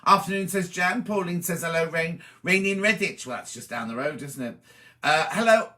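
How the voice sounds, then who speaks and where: A chatty man hosts a live stream, greeting viewers one by one and reading their messages aloud. His voice sits slightly high for a man and sounds bright and forward. He talks in a relaxed, friendly way. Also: normal speed. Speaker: host.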